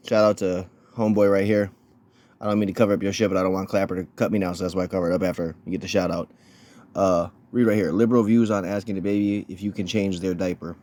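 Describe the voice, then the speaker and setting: A man's voice: on the low side, brisk, mellow. A man hosting a casual reaction video, mocking and crude, tripping over repeated words as he rants.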